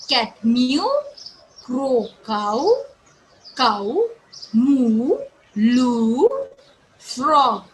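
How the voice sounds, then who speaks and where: An Indian woman teaching young children an English lesson, explaining slowly in a sing-song manner and imitating animal sounds. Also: on the high side, bright, forceful tone, slight background noise, poor audio. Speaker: schoolteacher.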